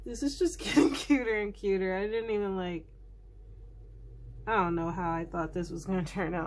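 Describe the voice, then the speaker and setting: A woman's voice: medium pitch, moderate pace, a little mellow. A woman host narrating her drawing in a casual, jokey art vlog, dropping into whispered asides now and then. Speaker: artist and channel host.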